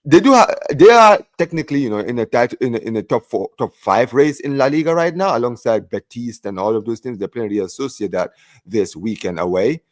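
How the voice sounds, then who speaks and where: A man's voice: medium pitch, no echo. Guy on a football podcast, chatty, keeps saying right, dry close recording. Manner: chatty, keeps checking in with the listener. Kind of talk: casual football chat.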